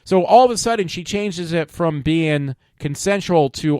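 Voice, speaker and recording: A man's voice: on the high side, lively intonation, unhurried, a little mellow, clean tone, no room sound, studio quality. A man hosting his own show, reading news stories aloud and commenting on them, stumbling over words and swearing along the way. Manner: profane and opinionated. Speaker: podcast host.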